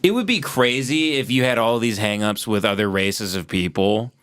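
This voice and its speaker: Lowish-voiced male podcast host, dry. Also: moderate pace, fairly bright tone, clear, resonant tone. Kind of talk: casual podcast chat.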